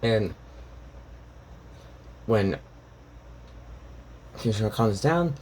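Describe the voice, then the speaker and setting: A man casually retelling a fan story out loud, rambling with many fillers and self-corrections. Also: lowish voice, animated, drawn-out words, a little hiss or hum, poor audio.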